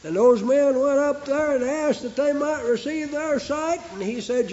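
A man preaching a sermon with fervent, rhythmic repetition that rises into shouts. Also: extremely high pitch, measured pace. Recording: echoey, dull lo-fi recording.

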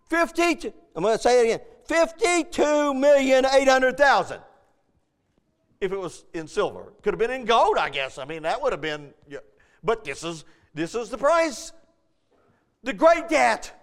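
Brief: very high-pitched male preacher, emphatic, folksy, keeps questioning the congregation. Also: big pitch swings, a little slow, a bit bright, long reverb tail. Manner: folksy plain grammar, repeats phrases. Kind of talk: sermon.

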